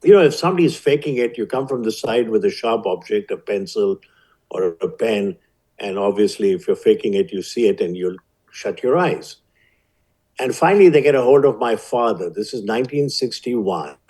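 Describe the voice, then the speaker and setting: A man in his seventies with an Indian accent tells a personal story as an interview guest. His voice sits low and sounds mellow and a little husky. He delivers it in a measured, vivid way. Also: animated, low-quality recording. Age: 70s. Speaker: guest, physician.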